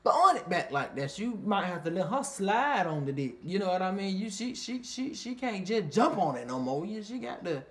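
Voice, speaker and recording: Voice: moderate pace, hardly any pauses. A speaker reviewing a reality show episode in a casual, heavily profane way, leaning on "you know what I mean" and now and then jumping up into squealing impressions of the cast. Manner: animated, swears constantly, fillers like "you know what I mean"; jumps into high squealing impressions of others. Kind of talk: casual profane recap vlog.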